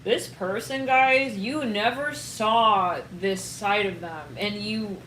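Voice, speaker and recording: A woman giving a casual, excitable tarot reading to her viewers, rambling and trailing off and laughing often. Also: mid-range voice, slow pace, roomy sound, a little hiss or hum, low-quality recording. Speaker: tarot reader.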